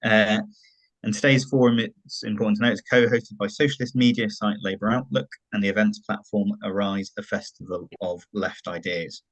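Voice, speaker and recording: A man's voice: fairly low pitch, fairly even intonation, normal speed, no room sound, rough recording. A man with a West Country accent hosting an online forum, introducing it in a chatty way with fillers and self-corrections. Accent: West Country English. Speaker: host.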